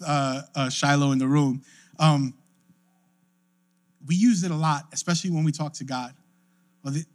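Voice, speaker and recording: A man's voice: a little high, steady tone, a little slow, long pauses. A young adult male pastor preaching a sermon in a casual, conversational way, often checking in with the listeners. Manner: conversational preaching, frequent "right?" asides.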